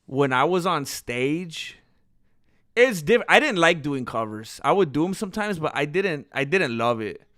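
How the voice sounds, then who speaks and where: His slightly high, fairly bright voice has an unhurried, sing-song quality as he chats on his channel's livestream. Rambling and self-mocking, he restarts often, leans on fillers, and hiccups and burps, all in dry, clean studio sound.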